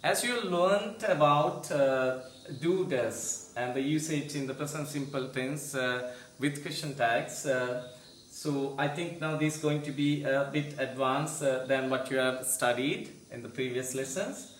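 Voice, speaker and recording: A man with a medium-pitched voice teaches an online English grammar lesson, explaining slowly with lots of "uh" fillers before saying example sentences with clear rising and falling intonation. The recording sounds roomy, with a little hiss or hum.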